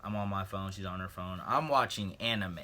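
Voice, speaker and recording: A teenage man telling a rambling, jokey story to the camera, breaking off for asides and frequently clearing his throat. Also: low-pitched, fairly quick, sharp tone, slight background noise. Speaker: vlogger. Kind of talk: casual storytelling.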